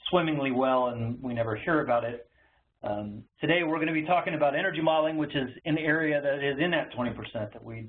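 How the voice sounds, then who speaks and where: A man giving an educational webinar presentation in a conversational way, with frequent ums and uhs. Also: medium pitch. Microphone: webinar call audio. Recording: tinny phone-like webinar audio with faint noise.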